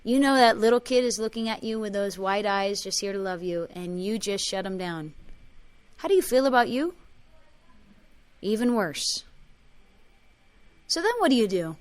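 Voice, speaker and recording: At a moderate pace and in a medium-pitched voice, a woman leads a spiritual workshop, speaking to the group. She shares emotional personal stories with quoted dialogue and chants a clearing phrase over and over.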